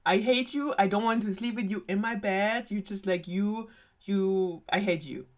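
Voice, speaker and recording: A woman's voice: mid-range voice, moderate pace, natural voice. A woman doing a furious disgusted princess. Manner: ranting, exasperated.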